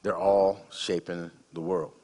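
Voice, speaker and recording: A man's voice: low voice, level tone, slow, a little mellow, long reverb tail. A man in his fifties, a guest speaker giving a sermon in a conversational, humorous storytelling manner.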